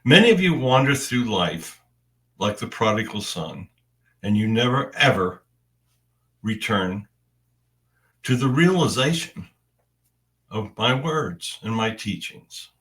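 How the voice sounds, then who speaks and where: Slow, deep-voiced man preaching. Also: very animated, a bit bright, distant mic. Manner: deliberate, halting phrasing with long pauses. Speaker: channeler of spiritual messages. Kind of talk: slow spiritual message in first person.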